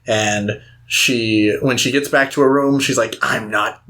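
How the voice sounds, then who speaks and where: A man on a podcast rambles through a movie recap in a casual, conversational way. He leans on fillers and tosses off quick voiced quotes as he goes. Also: mid-range voice, steady tone, a bit bright. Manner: rambling retelling with filler words and acted-out quotes. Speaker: podcast co-host.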